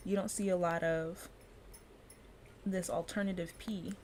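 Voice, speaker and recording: A language teacher gives a casual pronunciation lesson, chatty and loose and often breaking into laughter as she explains. Her voice is on the low side with a darkish tone and fairly even intonation, at a measured pace over slight background noise.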